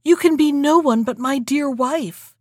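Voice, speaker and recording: A woman's voice: mid-range voice, animated, moderate pace, fairly bright tone, no room sound, studio quality. A woman voicing a loving young king who speaks out in emphatic exclamations in a storybook reading. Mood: startled.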